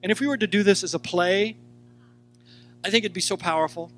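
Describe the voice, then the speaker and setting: Animated high-voiced male Bible teacher. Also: a little fast, faint music behind. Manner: animated, acts out quotes and speaks directly to listeners. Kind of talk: sermon teaching.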